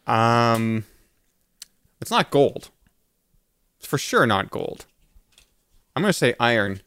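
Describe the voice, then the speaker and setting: A man playing a trivia board game, answering in an easygoing way and reasoning out loud. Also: mid-range voice, sing-song, takes it slowly, smooth, no echo. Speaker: game player. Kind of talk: casual chat over a board game.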